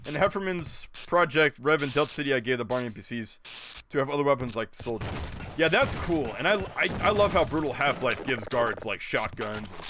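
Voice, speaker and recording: A young man streaming a video game, rambling and joking with casual commentary, swearing and laughing often. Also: a little high.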